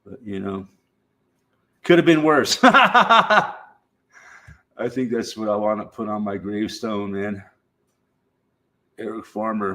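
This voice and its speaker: A middle-aged man from the United States hosts a loose, rambling livestream chat, swearing freely, laughing often between thoughts, and drawing out his words slowly. His fairly low voice is bright and forceful, with lively intonation.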